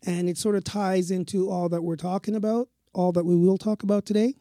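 A man co-hosting a casual spiritual talk show, telling stories in a slow, reflective way. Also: high-pitched, steady tone, warm tone, no echo, studio quality. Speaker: co-host.

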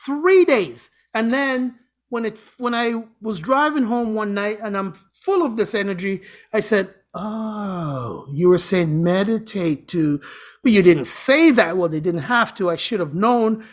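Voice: medium pitch, animated, normal speed. A talk show host, chatting casually about spirituality in a rambling, self-correcting way with corny jokes.

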